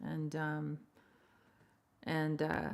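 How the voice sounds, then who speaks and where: Slow-talking woman songwriter chatting live. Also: sits low, monotone, creaky. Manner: rambling and chatty, greets viewers by name; self-deprecating, laughs at herself. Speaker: singer-songwriter hosting a livestream. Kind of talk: casual livestream chat with viewers.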